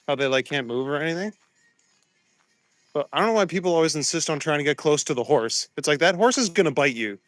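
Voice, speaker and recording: A man's voice: medium pitch, brisk, long pauses, a bit bright, dry recording, faint music behind. Chatty man streaming live on a walk. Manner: loose, chatty, greets chat viewers, laughs easily. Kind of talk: casual live-stream chat. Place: outdoors at night, walking the streets. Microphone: phone camera.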